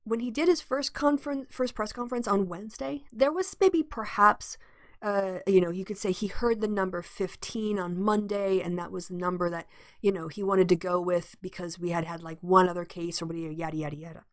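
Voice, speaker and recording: A woman hosting her own political commentary show, indignant and blunt. She reads news stories aloud and breaks off to comment on them. Her voice sits at an everyday pitch and is recorded close and dry, with no room sound. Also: fairly even intonation, a little fast, no echo.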